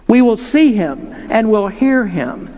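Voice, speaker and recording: A man's voice: high-pitched, very animated, slow pace, warm tone. A man preaching an earnest, emphatic sermon, posing rhetorical questions to his listeners. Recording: long hall reverb.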